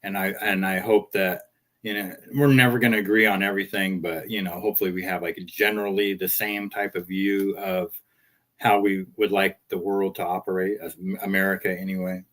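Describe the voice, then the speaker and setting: A man's voice: deep voice, flat delivery, brisk, a bit bright. A man hosting a stream, giving loose, offhand commentary on clips he plays. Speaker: streamer host reacting to clips. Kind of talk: casual commentary.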